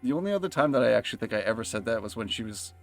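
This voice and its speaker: A man's voice: medium pitch, animated, very fast, gravelly, faint music behind. A young man livestreaming a game, telling rambling, profane stories and laughing often. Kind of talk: casual chat while gaming.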